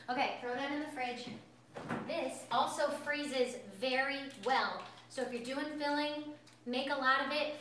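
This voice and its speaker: A woman's voice: high voice, sharp tone, a little hiss or hum. Bubbly woman teaching in an echoey kitchen. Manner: bubbly, chatty, talks straight to viewers. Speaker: cooking instructor. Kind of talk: live cooking class. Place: home kitchen.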